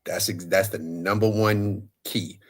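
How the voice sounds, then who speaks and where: A man's voice: low voice, steady tone, measured pace, husky. A man co-hosting a casual relationship talk show, chatty and loose, often restarting his sentences. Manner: chatty, loose, repeats himself mid-sentence. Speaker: co-host.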